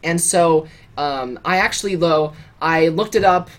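A man's voice: a little high, measured pace. A young man co-hosting a podcast, telling a story in a loose, rambling way with many fillers and restarts. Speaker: podcast co-host. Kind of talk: casual chat.

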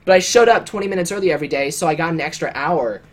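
A man's voice: a little high, rapid-fire. Young man rambling on a podcast. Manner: rambling, lots of fillers and restarts. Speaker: podcast co-host. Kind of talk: casual chat.

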